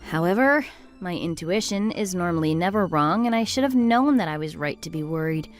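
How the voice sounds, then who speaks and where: A woman voicing a level-headed young wife who narrates and argues calmly with her sister-in-law. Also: lowish voice, brisk, soft background music, lightly acted. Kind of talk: texting-story voice acting.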